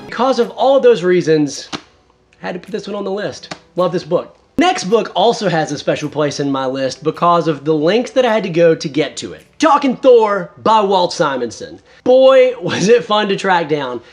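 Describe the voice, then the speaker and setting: A man's voice: sits high, normal speed, soft background music. A man in his thirties hosting a casual video review, talking enthusiastically. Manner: enthusiastic, animated. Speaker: host.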